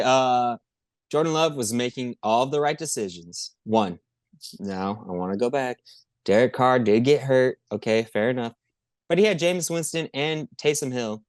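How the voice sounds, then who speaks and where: A man co-hosting a podcast, chatting casually about football in an excitable, profane, rambling way. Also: mid-range voice, dry recording, studio quality. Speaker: podcast co-host. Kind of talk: casual sports chat.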